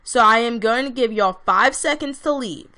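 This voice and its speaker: A woman's voice: on the high side, moderate pace, pushed and bright, pitched above the performer's own voice. A woman voicing a tough, sarcastic teenage girl fighter with a put-on country accent. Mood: threatening. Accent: Southern US, put on.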